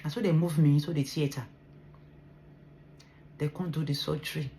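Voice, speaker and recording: A woman's voice: sits low, fairly even intonation, normal speed, dark tone. A Nigerian woman in a vlog, earnestly retelling a personal story with emotion, mixing English and pidgin. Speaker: vlogger sharing her medical story.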